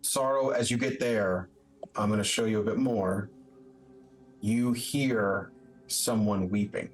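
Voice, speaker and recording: A man's voice: lowish voice, steady tone, slow pace, soft background music, poor audio. A man running a streamed tabletop game as its game master, talking upbeat and chatty with plenty of filler words.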